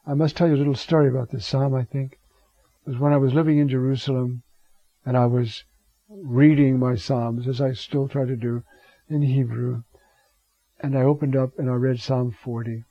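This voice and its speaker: A man's voice: mid-range voice, steady tone, normal speed, dark tone, dry recording. A man preaching on scripture, digressive, with rhetorical asides and Hebrew words. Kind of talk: scripture teaching sermon. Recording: dull lo-fi recording.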